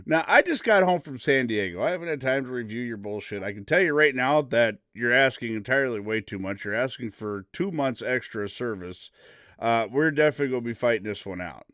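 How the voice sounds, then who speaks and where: A middle-aged man hosting a live morning show, loud, excitable and folksy. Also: mid-range voice, fairly quick, no room sound, studio quality. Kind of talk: casual live stream talk.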